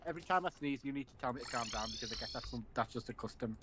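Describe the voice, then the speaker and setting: A man's voice: medium pitch, rapid-fire, noisy background. A man chatting with a streamer friend, teasing him with crude language and drifting into silly sing-song nonsense. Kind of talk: casual chat.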